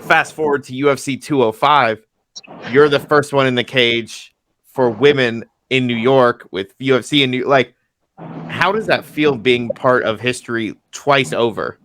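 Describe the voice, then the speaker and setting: A man hosting an interview podcast, chatty and quick to laugh. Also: medium pitch, fairly bright tone, a little hiss or hum. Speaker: podcast host, MMA journalist. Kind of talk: casual interview chat.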